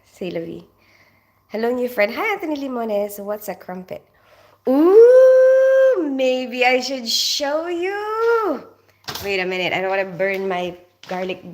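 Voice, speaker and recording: A woman with a mid-range voice chats casually on a live stream from her North London home, with slight background noise. Originally raised in the Philippines, she reads comments, welcomes viewers by name and laughs a lot.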